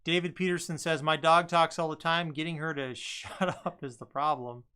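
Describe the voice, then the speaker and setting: A man's voice: a little high, fairly even intonation, normal speed, sharp tone, smooth. A man co-hosting a live stream, reading viewer comments aloud in an easygoing way with plenty of "uh"s. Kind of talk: casual live-stream chat.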